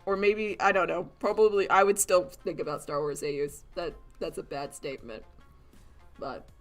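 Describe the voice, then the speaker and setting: A woman's voice: fairly low pitch, normal speed, faint music behind. A young woman chatting casually on a livestream, sarcastic and giggly, laughing often and acting out quoted voices. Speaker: streamer chatting while drawing.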